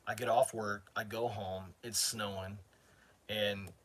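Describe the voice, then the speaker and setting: A man's voice: lowish voice, little pitch movement, slow, a bit bright. A middle-aged man from northern Maine, hosting his channel and telling a long, rambling story to his viewers. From northern Maine, USA. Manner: rambling, chatty, self-interrupting. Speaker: channel host. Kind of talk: casual storytelling to a live chat.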